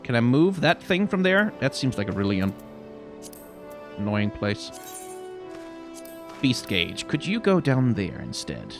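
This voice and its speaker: A man's voice: medium pitch, huge pitch swings, measured pace, pauses often, soft background music. A man hosting a let's play, rambling playfully and mocking himself while he plays. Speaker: gaming channel host.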